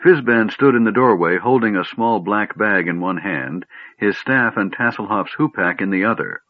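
A man narrating a fantasy story in a measured storytelling manner. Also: lowish voice, expressive, dry recording. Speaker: audiobook narrator. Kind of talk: scripted narration. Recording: dry, tinny phone-like audio.

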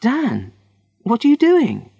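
Man doing a young wife, fussy, cheerful, forgetful, raised pitch, swooping intonation, slow, storybook reading. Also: wildly swooping pitch, creaky, breathy edge, no echo, full character voice. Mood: anxious. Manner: bright, fussy, pleading.

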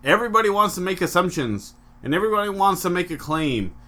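Loud, profane man on a comedy podcast. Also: sits high, big pitch swings, quick pace. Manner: loud, profane, jumps into comic voices and mock rants. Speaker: podcast co-host. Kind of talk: crude comedic podcast banter.

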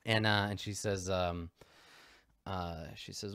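A man's voice: low voice, fairly even intonation, slow pace, long pauses, fairly bright tone, smooth, no echo, clean studio sound. A man running a tabletop game as game master, narrating loosely with plenty of fillers. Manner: loose, rambling, full of fillers and laughs.

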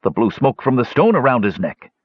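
A man's voice: mid-range voice, very animated, breathy edge, dry recording, pitched above the performer's own voice. A man voicing a big, fearful, simple-minded male dwarf who speaks in frightened, childlike bursts. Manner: frightened, halting, childlike speech. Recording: dull lo-fi audio.

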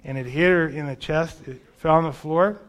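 A man's voice: on the high side, moderate pace, a bit bright. A man preaching a sermon, telling a personal testimony in a conversational, storytelling way. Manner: storytelling, conversational, self-deprecating.

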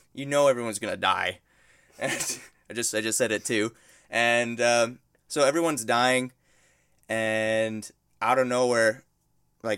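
A man at an average pitch tells a movie plot in a loose, rambling way, laughing as he goes and acting out little quotes. The sound is dry and close, with no room echo. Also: fairly bright tone, clear, resonant tone. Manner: rambling storytelling, laughs often, acts out quotes. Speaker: guest describing a movie. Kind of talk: casual podcast chat.

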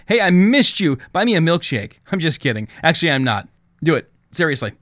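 A man voicing a hyper, teasing teenage boy who talks in a loud, excitable way, reading an audiobook. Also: on the high side, a little fast, no echo, clean studio sound, voice pushed up.

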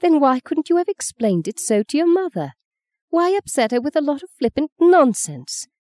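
A woman reading aloud and voicing a stern, commanding elderly grandmother with a brisk, precise way of speaking. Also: high-pitched, sing-song, a little mellow, no room sound, pitched above the performer's own voice. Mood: scolding. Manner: brisk, precise, lightly scolding.

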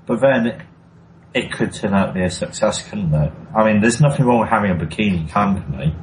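A man with a fairly low voice argues his points dryly as he co-hosts a casual chat show. He talks in a plain, matter-of-fact way, with clear background noise on the recording. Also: expressive, fairly quick, poor audio. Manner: dry, argumentative, matter-of-fact. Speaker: podcast co-host.

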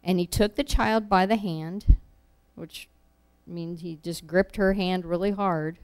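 A woman's voice: lowish voice, fairly even intonation, a little slow, clear, resonant tone. A woman preaching a sermon, earnest and repeating key phrases for emphasis.

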